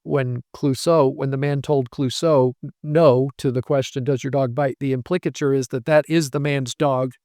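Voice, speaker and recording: A man's voice: mid-range voice, fairly even intonation, moderate pace, few pauses, warm tone, dry recording, studio quality. A man, a language professor being interviewed, patiently explaining ideas through worked examples and short anecdotes.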